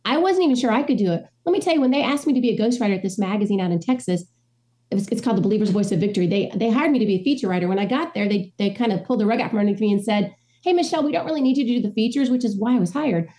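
A middle-aged woman from the American Midwest talks quickly in a relaxed interview. Her voice is mellow and dark rather than bright. She tells animated stories and acts out the voices of the people in them. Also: medium pitch. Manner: animated storyteller, acts out quoted dialogue. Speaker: ghostwriter, interview guest. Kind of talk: conversational interview.

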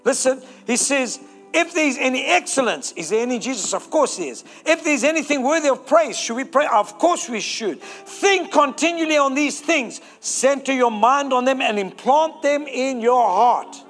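High-voiced fervent male preacher. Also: animated, moderate pace, fairly bright tone, faint music behind. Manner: fervent, exhorting, rallies the congregation. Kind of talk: sermon.

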